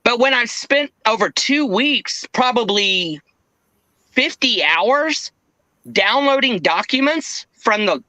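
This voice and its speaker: Profane, ranting man with lively pitch. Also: slow, no room sound, rough recording. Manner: profane ranting, mocking impressions. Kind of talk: casual chat.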